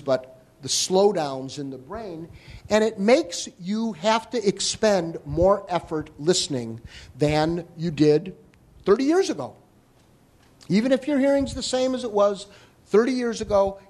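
A man giving a live talk to an audience on hearing and listening, explaining in an animated way with joking asides. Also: high voice. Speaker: hearing health lecturer.

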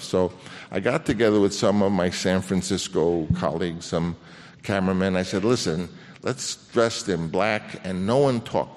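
An older man, a film director, telling an anecdote on stage in a halting way with many restarts, acting out the voices he quotes. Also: low voice, darkish tone. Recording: long reverb of a hall.

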